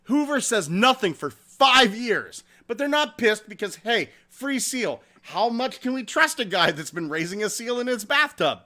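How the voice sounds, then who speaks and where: A man hosting a casual podcast, reading chat comments and telling stories in a profane, animated way. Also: extremely high pitch, measured pace, hardly any pauses. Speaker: podcast host.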